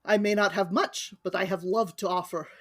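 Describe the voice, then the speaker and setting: A woman's voice: medium pitch, steady tone, fairly quick, a bit bright, husky, pitched below the performer's own voice. A woman voicing a struggling man in hard times, trying a Russian accent that slips into Irish during a comedic script reading. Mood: earnest. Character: struggling male peasant friend in hard times. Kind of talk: comedic script read-aloud.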